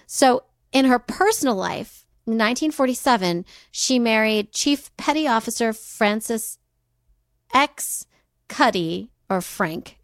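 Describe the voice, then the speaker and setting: A woman co-hosting a podcast, telling a story in casual chat, animated and often laughing. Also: mid-range voice, creaky, no echo, clean studio sound. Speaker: podcast co-host.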